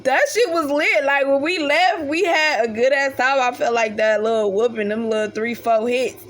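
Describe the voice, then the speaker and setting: Animated young woman telling a profane story. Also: high-pitched, moderate pace. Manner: animated, profane, acts out the voices of family members. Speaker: vlogger telling a childhood story. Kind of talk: casual storytime monologue.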